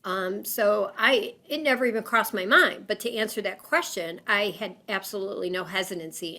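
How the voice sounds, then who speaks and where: Bright, animated woman telling her story. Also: medium pitch, normal speed, few pauses. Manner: animated, lots of fillers, acts out quoted voices. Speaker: guest. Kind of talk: storytelling in an interview.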